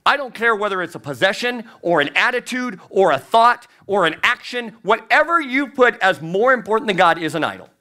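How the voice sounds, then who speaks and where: A man's voice: sits high, very animated, brisk, hardly any pauses, pushed and bright. A man preaching a sermon as a youth pastor, emphatic and repeating key phrases, his voice climbing on the points he stresses.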